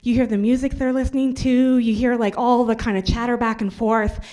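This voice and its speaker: Woman, high voice, casual hackathon demo presenter, playful and self-mocking. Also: fairly even intonation, a little fast, darkish tone.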